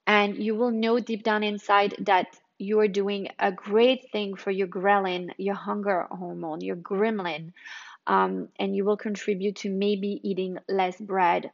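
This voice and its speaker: A woman's voice: medium pitch, little pitch movement, unhurried, muffled recording. A woman hosting a podcast, talking casually and wandering off on tangents before restating her point. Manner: chatty, digressive, restates points. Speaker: podcast host. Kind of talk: casual health talk monologue.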